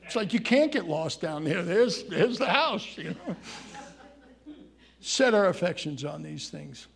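A man's voice: sits high, big pitch swings, unhurried, gravelly. A man preaching a sermon, folksy and conversational, reading scripture and asking his congregation questions. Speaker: pastor.

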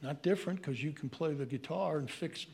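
An older man with a New York accent, preaching a sermon in an animated, joking way that turns into rants. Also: on the high side, a little fast, vocal fry, breathy edge. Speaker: pastor.

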